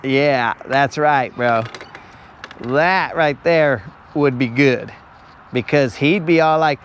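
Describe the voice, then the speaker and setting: A man's voice: mid-range voice, slow pace, slight background noise. A man hosting a live fishing stream outdoors on a lake, joking with viewers in casual chat and calling them bro.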